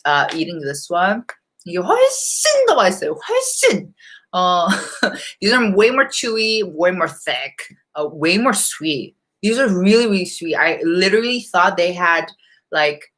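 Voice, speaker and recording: A woman's voice: lowish voice, pushed and bright. A young woman hosting a casual live-stream Q&A, chatty and laughing often, reading out viewer comments and snacking as she talks. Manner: eating while talking. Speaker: beauty vlogger hosting a live Q&A.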